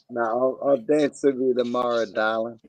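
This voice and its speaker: Aussie guy drawling real slow, joking around, faint hiss behind. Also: mid-range voice, expressive, low-quality recording. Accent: Australian. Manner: slow, jokey, drawn-out words. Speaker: live stream participant. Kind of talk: casual banter.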